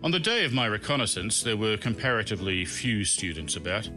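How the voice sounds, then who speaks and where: A man's voice: fairly low pitch, sing-song, brisk, music in the background. A man hosting and narrating his own comic memoir in a wry, self-mocking storytelling manner. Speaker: podcast host and narrator.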